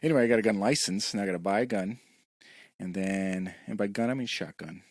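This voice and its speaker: A man in his thirties from New England chats through a solo podcast episode from his room, rambling from one thing to the next with self-deprecating asides. His voice sits low, and the sound is close and dry, with no room around it. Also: a little fast, no room sound. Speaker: podcast host. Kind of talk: casual solo podcast chat. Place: room at home.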